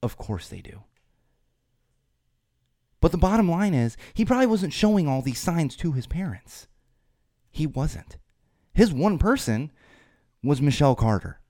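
A man's voice: fairly high pitch, big pitch swings, a little slow, long pauses, warm tone, dry recording, clean studio sound. A man hosting a solo podcast, talking in a rambling way with restarts and fillers, and getting more emphatic when he stresses a point. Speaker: podcast host.

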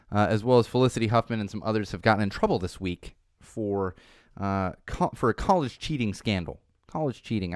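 Rambling man with a smooth voice. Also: on the low side, dry recording, studio quality. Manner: rambling, self-interrupting, sarcastic asides. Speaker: podcast host. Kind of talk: casual entertainment news chat. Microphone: studio microphone.

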